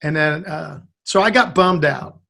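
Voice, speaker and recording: A man with a fairly high speaking voice tells a long story from his past in casual conversation. He rambles and restarts often, and he acts out the lines of the people in the story. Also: measured pace, gravelly, bright, forceful tone. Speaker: guest musician.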